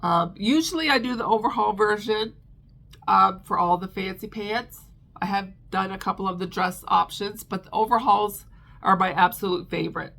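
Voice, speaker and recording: Middle-aged woman talking crochet, lots of ums and restarts, a bit of gravel in her voice. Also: medium pitch, normal speed, a bit bright. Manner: chatty, with many ums and restarts. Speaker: crochet vlogger. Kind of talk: casual chat.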